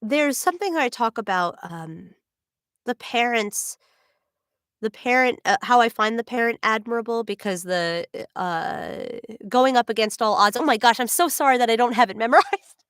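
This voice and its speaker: A woman's voice: a little high, lively intonation, moderate pace, fairly bright tone, smooth, no room sound, clean studio sound. A young adult woman, a voice actor, chatting casually on a livestream, answering fan questions with many ums and giggles.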